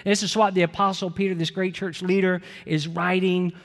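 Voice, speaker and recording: A middle-aged male pastor with a high, bright-pitched voice preaches in a church sanctuary. He keeps it conversational and leans on rhetorical questions to the congregation. His voice rings out with a long reverb tail from the hall. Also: flat delivery, fairly quick. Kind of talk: sermon.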